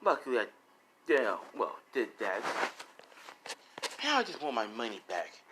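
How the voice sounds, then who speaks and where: A man's voice: mid-range voice, big pitch swings, moderate pace, background noise, close to an everyday voice. A man voicing a cruel, volatile female slave owner in a spoken fan story, sliding from sugary to cold. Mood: aggrieved.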